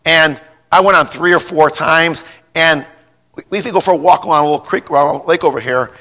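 A middle-aged man preaching a folksy sermon, telling a personal story in a rambling way, repeating words and rising to a shout when stirred. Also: a little high, fairly quick. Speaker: pastor.

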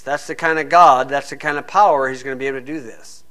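A man's voice: on the high side, steady tone, fast talker, few pauses, bright, forceful tone. A man preaching a sermon, full of rhetorical questions, acting out hecklers and reading scripture aloud.

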